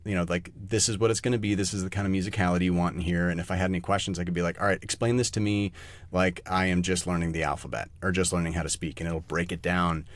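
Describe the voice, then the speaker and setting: A man talking as a guest on a podcast, animated and casual, swearing freely and restarting sentences as he thinks. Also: deep voice, fast, no room sound. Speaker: guest voice actor.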